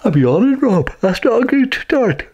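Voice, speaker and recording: A man's voice: extremely high pitch, sing-song, normal speed, a little mellow, dull audio. A man, co-hosting a podcast in playful, teasing banter. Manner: teasing, playful banter with repeated name-calling. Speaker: podcast co-host. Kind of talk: casual chat.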